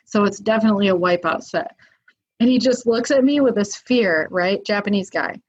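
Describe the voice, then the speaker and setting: A woman chatting as a podcast guest, telling a tale in an easygoing, animated way. She sprinkles in fillers and acts out quotes as she goes. The sound is slightly dull, like a lo-fi recording. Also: mid-range voice, moderate pace, a little hiss or hum. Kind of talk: casual storytelling. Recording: muffled lo-fi audio.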